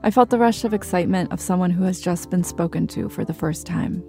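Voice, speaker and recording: Argentine-born woman narrator, reflective personal storytelling, gravelly low register. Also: a little fast, dark tone, soft background music. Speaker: journalist and narrator.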